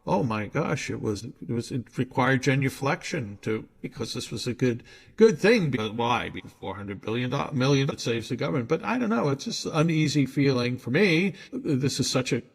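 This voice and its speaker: A man's voice: mid-range voice, animated, moderate pace, vocal fry, breathy edge. A man hosting an interview in a chatty, opinionated way. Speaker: host. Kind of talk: casual interview.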